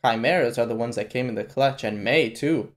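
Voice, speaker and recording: A man hosting a live anime reaction, talking casually and profanely, with sudden loud exclamations at what he sees. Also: mid-range voice, fairly quick. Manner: casual slangy talk to the viewer. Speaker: reaction channel host.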